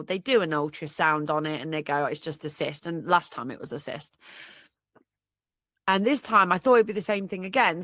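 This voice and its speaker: A woman's voice: lowish voice, a bit bright, dry recording. A young woman hosting a personal podcast, talking candidly and emotionally with a blocked nose, sniffing and tearful, with many restarts. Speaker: podcast host.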